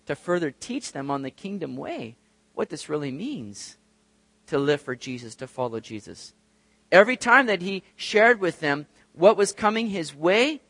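A man preaching a sermon, reading scripture and explaining it, acting out little scenes in lively raised voices. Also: a little high, no echo. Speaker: pastor. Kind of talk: expository sermon.

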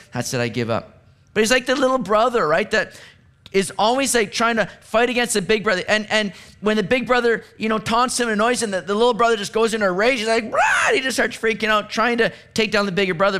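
Man, pastor, sermon, high-pitched, animated, acts out quotes. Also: fast. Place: church sanctuary.

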